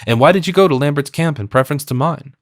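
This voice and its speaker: A man voicing a shrewd, calm general who questions a captured fisherman in a measured, probing way. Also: on the high side, no room sound, studio quality.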